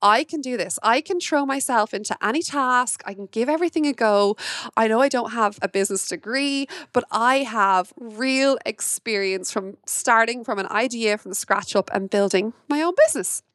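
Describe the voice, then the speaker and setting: An Irish woman hosting her own podcast, talking fast and passionately in a casual monologue. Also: on the high side, a bit bright, no room sound, studio quality. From Ireland. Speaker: podcast host.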